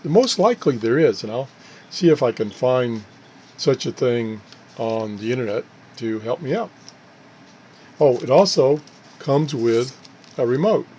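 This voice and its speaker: A man's voice: mid-range voice, mellow, a little hiss or hum. A man hosting his own channel, talking casually and unscripted about a gadget, often correcting himself and chuckling at his own mishaps. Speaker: channel host reviewing gadgets. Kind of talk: casual unscripted product talk.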